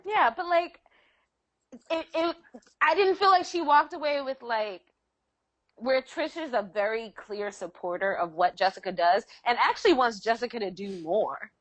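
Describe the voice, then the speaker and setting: Female podcast co-host, slightly high voice, dry close sound, emphatic. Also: moderate pace, no room sound. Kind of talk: casual chat reviewing a TV show.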